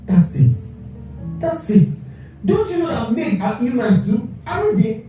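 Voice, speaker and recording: An actor playing a husband who pleads with and calms his angry wife in a film clip. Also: very high-pitched, unhurried, full character voice. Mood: firm. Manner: pleading, placating. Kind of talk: melodramatic film acting. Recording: distant, echoey film audio with music.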